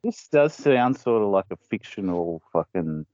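A man's voice: on the low side, big pitch swings, a little slow, darkish tone, muffled recording. A man chatting casually on a podcast, rambling through stories and laughing at his own jokes. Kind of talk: casual chat.

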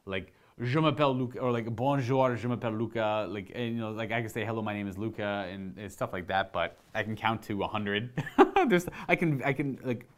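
A man's voice: fairly low pitch, fairly quick. A young man from Canada casually answering viewer questions about tabletop wargaming, chatty and rambling with enthusiasm. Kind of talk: casual live Q&A chat.

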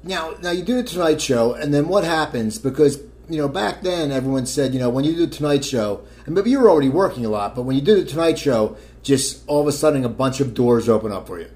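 A man hosts a podcast, talking quickly and keeping the conversation moving. He sums up what his guest has said and nudges him on to the next part of the story. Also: mid-range voice, expressive, darkish tone. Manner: prompting, recaps the story. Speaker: podcast host. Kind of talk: casual interview.

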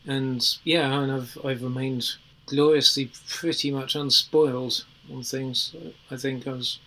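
A man's voice: mid-range voice, steady tone, unhurried, a bit bright, rough recording. A man on a podcast panel chatting casually, weighing his opinions with ums and qualifiers. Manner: thoughtful, qualifying opinions with fillers.

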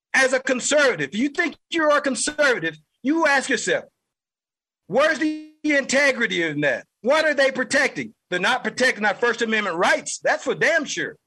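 A man's voice: very high-pitched, sharp tone, slightly rough, rough recording. A man hosting a political podcast, delivering an angry, heated monologue and repeating lines for emphasis. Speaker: podcast host.

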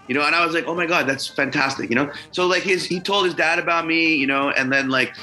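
A man's voice: fairly high pitch, fast, sharp tone, soft background music, poor audio. A man, a musician guest, telling a long story in casual conversation, rambling with many fillers and swearing freely.

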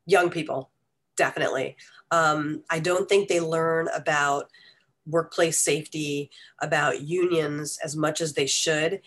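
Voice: mid-range voice, steady tone, unhurried, fairly bright tone. An adult interview guest answering earnestly, with many um fillers. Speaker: union media guest being interviewed. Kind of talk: interview conversation.

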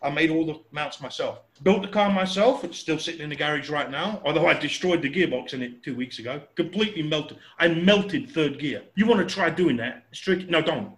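A man in his sixties telling a casual, animated anecdote, chatty and acting out sounds and voices. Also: a little high, brisk, hardly any pauses, roomy sound. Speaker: storyteller.

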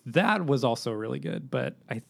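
Guy judging a podcast debate, halting, lots of ums, mid-pitched voice. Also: sing-song, gravelly. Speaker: podcast judge. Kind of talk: casual chat.

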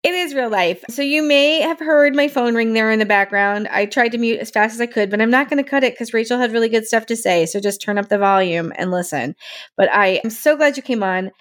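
Woman host, a bit high-pitched, upbeat, encouraging, laughs easy. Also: fairly quick. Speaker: podcast host. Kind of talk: casual interview chat.

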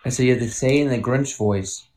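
A man's voice: mid-range voice, a little fast, over a noisy crowd. A man on a casual podcast, teasing the others and jumping in with sports trivia.

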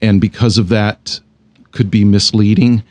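A man's voice: lowish voice, fairly even intonation, a little slow, a little mellow, no echo. Chatty self-deprecating male podcast co-host. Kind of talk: casual conversation.

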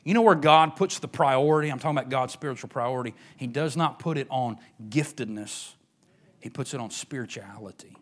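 A man's voice: mid-range voice, fairly quick. Emphatic preacher man. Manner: emphatic preaching with sudden drops to a near whisper. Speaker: pastor. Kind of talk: sermon.

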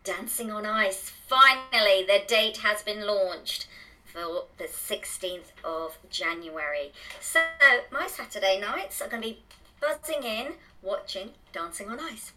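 A woman's voice: medium pitch, a little slow, sharp tone, rough recording. A woman co-hosting a local podcast, chatty and gushing, laughing easily. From England. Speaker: co-host. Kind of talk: casual chat.

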